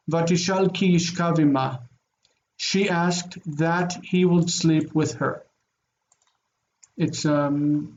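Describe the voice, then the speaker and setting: A man teaching a Biblical Hebrew lesson, reading verses aloud and translating them, repeating key phrases slowly. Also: fairly high pitch, darkish tone, dull audio, slight background noise.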